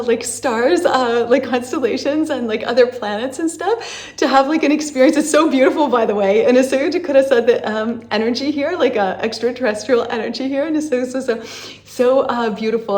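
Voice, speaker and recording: A woman's voice: high-pitched, normal speed, darkish tone. A woman channeling a spiritual message, rambling with many fillers and breaking into chanted syllables, emotional, laughing and crying at once. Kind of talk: channeled light language transmission.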